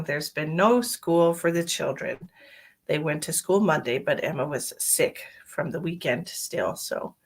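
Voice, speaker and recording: On her live stream, a psychic medium chats casually, greeting viewers by name and rambling through small talk in a voice on the low side.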